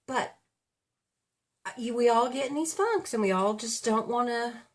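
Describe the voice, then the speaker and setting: Her voice sits a little high, with lively intonation and no rush. She's a woman in her fifties, a beauty vlogger chatting casually while getting ready at home, wandering off track and fixing her own words as she talks.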